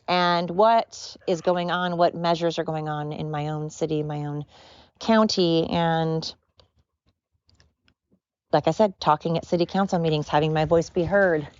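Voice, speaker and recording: A woman's voice: fairly low pitch, a little mellow, no echo, dull audio. A woman hosting her own podcast, rambling earnestly and repeating herself. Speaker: podcast host. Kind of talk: casual solo podcast rambling.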